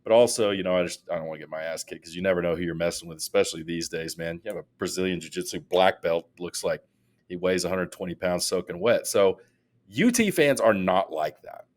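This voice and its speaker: A man co-hosting a casual podcast, telling animated stories that rise into loud mock rants. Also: sits low, fairly quick. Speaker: podcast co-host.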